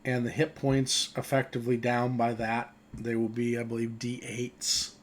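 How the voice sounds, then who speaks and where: A man serves as game master for a tabletop role-playing game, narrating scenes and reading the rules aloud in a relaxed manner and chuckling often. His voice has a medium pitch and a moderate pace, with slight background noise.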